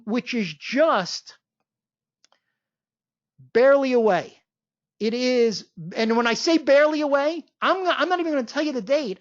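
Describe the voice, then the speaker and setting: A woman with a fairly high voice hosts a webinar and pushes a training event in an eager, salesy way. She fires off rhetorical questions and answers them herself. The audio is dry and a little dull, with a lo-fi webinar quality. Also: no room sound.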